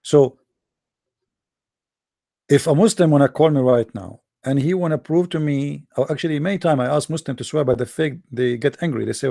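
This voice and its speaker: A man's voice: medium pitch, a little fast, vocal fry, dark tone, dry recording, studio quality. A man hosting an online debate show, talking casually to listeners in an emphatic, mocking way that repeats itself. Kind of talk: casual monologue to a live audience.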